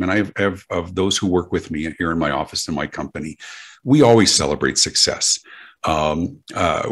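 A man's voice: deep voice, slightly rough. A man answering interview questions about customer service, emphatic and full of anecdotes, often restarting his words. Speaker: guest speaker on customer service.

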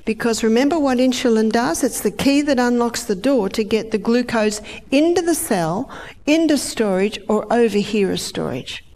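A middle-aged woman giving a lively health lecture, acting out the body's organs in high, excited voices. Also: normal speed.

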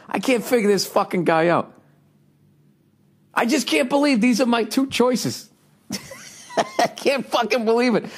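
A man's voice: mid-range voice, darkish tone. A man from the United States, a comedian and podcast host, ranting through a solo monologue with lots of swearing, sarcasm and restarts. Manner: profane, rambling, exasperated ranting; frequent fillers and restarts, sarcastic.

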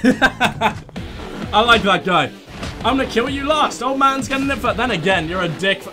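A man's voice: high voice, animated, moderate pace. A man hosting a let's play, joking through the game and reading the subtitles aloud in silly voices. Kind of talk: gameplay commentary. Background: game music.

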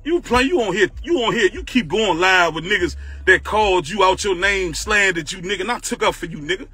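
A man's voice: sits high, animated, brisk, bright, forceful tone, husky, dry recording. A man hosting a livestream, ranting in a heated, confrontational way, repeating himself and swearing often. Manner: heated, repetitive, confrontational, profane. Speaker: livestream host.

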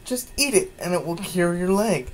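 A man voicing a brash young male martial-arts hero in a pitched-up heroic bark. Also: expressive, moderate pace, slight background noise, rough recording. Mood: coaxing.

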